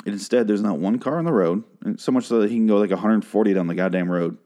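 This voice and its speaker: A man's voice: lowish voice, fast talker, mellow. A man hosting a solo podcast, recapping a TV episode in a profane, sarcastic rant with a frog in his throat.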